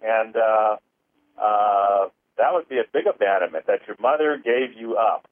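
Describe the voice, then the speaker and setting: A low-voiced man talks over a tinny phone line, dry and close. He rambles with lots of fillers and counts slowly as he leads a healing. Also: no echo. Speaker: energy healer. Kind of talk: phone-in radio talk with guided clearing.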